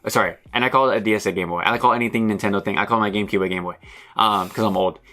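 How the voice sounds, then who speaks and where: A man's voice: fairly low pitch, fairly even intonation, racing, pushed and bright. A man in his thirties co-hosting a podcast, chatting casually and teasing his friend with a rambling, joking manner. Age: 30s. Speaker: podcast co-host. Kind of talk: casual chat.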